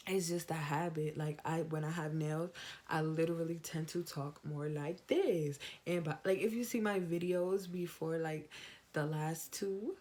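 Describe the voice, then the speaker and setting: A young woman talks to camera in a casual advice vlog. Her speaking voice sits a little low, and she jumps up in pitch whenever she acts out what someone else says. She is chatty and animated throughout. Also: measured pace. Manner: chatty, animated, acts out quoted lines in a higher voice. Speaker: vlogger.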